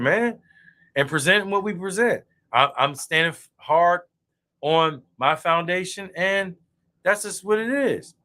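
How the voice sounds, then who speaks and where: A boastful man rants in a loose, profane online chat while drinking beer. His voice sits a little high and comes out bright and tense. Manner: boastful, profane, animated ranting. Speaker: guest speaker. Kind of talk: heated casual debate chat.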